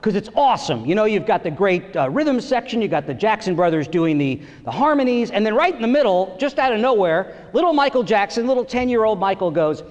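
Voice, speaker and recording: On a theater stage, a middle-aged comedian from Long Island, New York, tells family stories in his stand-up set, lively and acting out voices. His high-pitched voice moves fairly quickly with few pauses, backed by a long reverb tail and a faint crowd.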